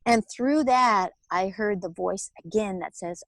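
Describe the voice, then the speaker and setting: A woman, telling her personal story as an interview guest in a candid, animated way. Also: medium pitch, measured pace, dry recording. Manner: candid, animated storytelling with laughs and acted-out quotes. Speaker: guest, author and alternative healer.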